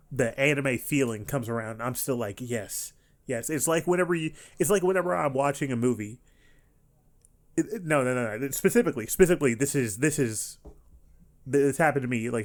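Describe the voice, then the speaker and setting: Streaming his reaction to an anime, a man with a medium-pitched voice talks casually and rambles, restarting often and breaking into animated outbursts.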